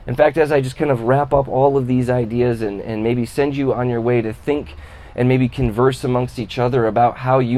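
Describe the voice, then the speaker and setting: A man's voice: mid-range voice, mellow, a little hiss or hum. A man preaching a sermon as pastor, talking conversationally, asking rhetorical questions and calling out to the congregation. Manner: calls out to the congregation for response.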